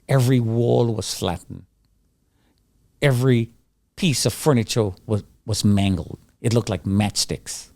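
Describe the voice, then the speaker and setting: Speaking in a lowish voice with no echo, a middle-aged survivor recounts a disaster intensely, reenacting both his pleading and the shouting around him.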